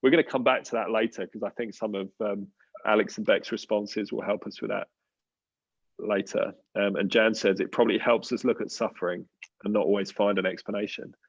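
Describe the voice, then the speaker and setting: A man's voice: on the low side, fairly even intonation, brisk, husky, lo-fi sound. A man with an Australian accent hosting a church panel, talking through a passage in a conversational, thoughtful way with many fillers and restarts. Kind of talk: casual talk on a live panel.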